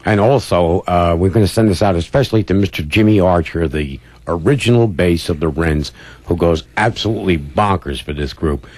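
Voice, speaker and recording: A man's voice: sits low, a little fast, a little mellow, no echo. A man co-hosting an oldies radio show, announcing records with their years and labels.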